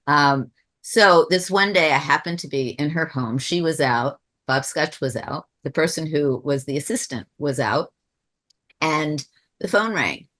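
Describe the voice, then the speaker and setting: A woman's voice: low voice, lively intonation, a little slow, fairly bright tone. A woman telling a personal spiritual story on a webinar, in a reflective, rambling way, often restarting her sentences. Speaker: webinar speaker. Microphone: video call.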